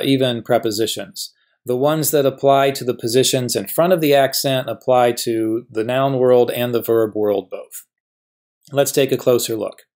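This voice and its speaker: A middle-aged man gives a recorded grammar lecture at a middle pitch. He is patient and methodical, and he slows down to spell out each example word. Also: a little mellow. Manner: patient, stretches out example words slowly. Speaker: professor teaching biblical Hebrew.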